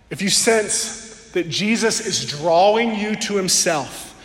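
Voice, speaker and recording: Earnest male pastor, high voice, sermon in a church with long ringing reverb. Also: expressive, slight background noise. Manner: earnest, draws out key words slowly for emphasis. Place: church sanctuary before a congregation. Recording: echoey hall with long reverb.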